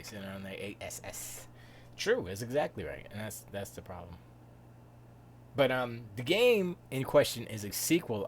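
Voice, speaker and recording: A man's voice: medium pitch, slight background noise. Man ranting on a live stream. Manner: animated ranting, slangy, laughs often. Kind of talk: casual chat, reading chat comments.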